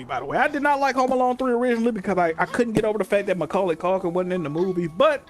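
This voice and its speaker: A young man streaming from his room, telling stories in casual, profane, animated chat. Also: high-pitched. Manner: animated, profane storytelling with frequent laughs. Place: home room.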